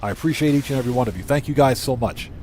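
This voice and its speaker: A man in a casual live game stream, chatting and thanking his viewers as he plays. His mid-range voice is wearing thin and hoarse, and a faint hiss sits under it. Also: medium pitch, rapid-fire, a little mellow. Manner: reads viewer chat aloud and thanks viewers often. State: losing his voice. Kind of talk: casual live gameplay chat.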